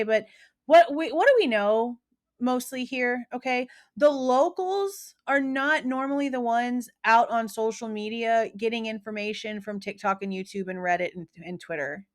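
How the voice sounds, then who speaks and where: A woman's voice: on the high side, moderate pace. A woman hosting true crime commentary, talking casually in a slangy, emphatic, opinionated way.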